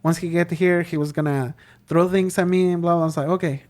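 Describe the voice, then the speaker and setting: A man's voice: fairly high pitch, fast talker. A young man from Mexico, a podcast guest, telling a story in casual chat and acting out the people in it. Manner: animated, acts out quoted voices.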